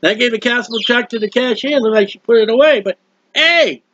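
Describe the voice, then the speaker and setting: A middle-aged man preaching an impassioned, rambling home sermon, exclamatory and animated. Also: very high voice, a little fast, dry recording. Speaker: preacher of a hymn channel. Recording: dull lo-fi dry sound.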